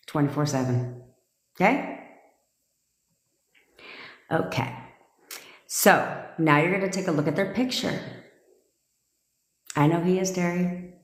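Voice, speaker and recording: Low-voiced bossy woman coaching live. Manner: bossy, blunt and profane, with frequent "okay?". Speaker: manifestation coach hosting a live stream. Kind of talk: live stream coaching, talking to viewers. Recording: roomy echo.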